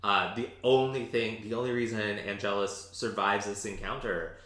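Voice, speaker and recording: A low-pitched man hosts a casual podcast chat with a bright, forceful edge to his voice. He rambles along with plenty of "um"s and restarts. The recording has an echoey room sound. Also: fairly even intonation, normal speed. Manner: chatty, rambling, with many fillers. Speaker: podcast host recapping an episode.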